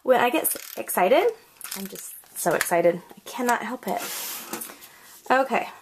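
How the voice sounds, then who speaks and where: A woman hosting a casual craft tutorial, bubbly and chatty, who often corrects herself and squeals up high when excited. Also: unhurried, noisy background. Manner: self-correcting, apologetic asides. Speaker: crafting video host.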